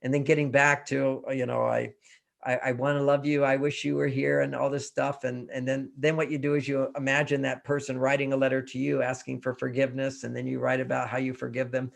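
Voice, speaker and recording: An older man telling personal stories and giving relationship advice in a live interview, animated and often laughing. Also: medium pitch, fairly quick, gravelly. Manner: animated storyteller, acts out quotes, laughs often. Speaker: relationship author and guest.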